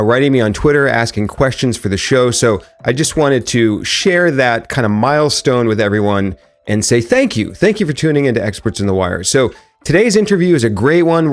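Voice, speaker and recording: Lively upbeat male podcast host. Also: medium pitch. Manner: upbeat, friendly, jokes about radio-announcer voice. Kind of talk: podcast intro and interview.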